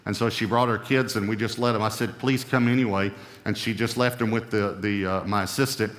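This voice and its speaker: A man preaching a sermon, emphatic, with a voice that swings up and down in pitch and loudness. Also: steady tone, brisk, big-room sound. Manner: emphatic, rising and falling in pitch and volume. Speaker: pastor.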